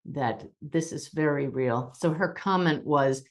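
Woman, low register, spiritual podcast host; calm, reassuring, measured delivery that eases down in tempo at times. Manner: gentle, reassuring.

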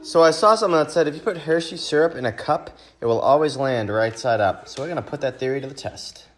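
A man in a casual video clip who talks excitably and shouts. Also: on the high side, fast, over music.

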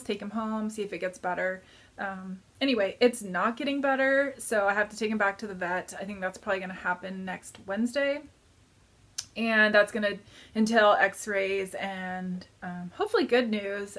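A woman's voice: medium pitch, a bit bright. A woman in her thirties chatting casually to camera as a knitting vlogger, rambling and hesitant, with many fillers.

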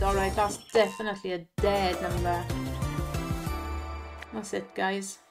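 A woman, chatty and excitable, giving casual commentary to viewers over slot play and laughing often. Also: medium pitch, a little slow, gravelly, long pauses. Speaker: slot gaming channel host. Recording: music loud behind voice.

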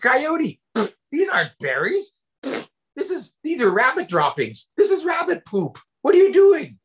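A man voicing an eager male badger in a told animal story, begging in a high pleading voice. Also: big pitch swings, brisk, a bit bright. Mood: outraged.

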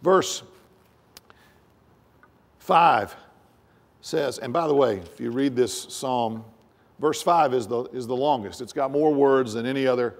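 A male pastor preaching a sermon, rising to emphatic raised phrases and dropping low and soft, often repeating words as he goes. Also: slow pace, long pauses.

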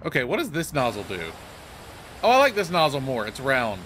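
Excitable man commentating a game. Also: medium pitch, a little fast, a little hiss or hum. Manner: excitable, joking, self-talking. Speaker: gaming channel host. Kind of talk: let's play commentary.

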